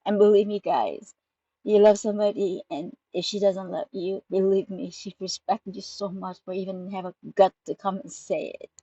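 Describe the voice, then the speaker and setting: A woman's voice: mid-range voice, steady tone, moderate pace, warm tone, husky, no echo. Emotional woman vlogger, muffled dry sound. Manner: heartfelt, emotional, non-native grammar. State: tearful at times. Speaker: spiritual vlogger. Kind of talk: emotional direct-to-camera talk.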